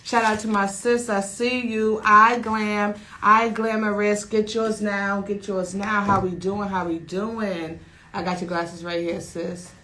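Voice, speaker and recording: A young woman hosts a casual radio talk show. She talks loud and lively, full of slang and shout-outs. Her voice sits in the middle pitch range. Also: measured pace, poor audio.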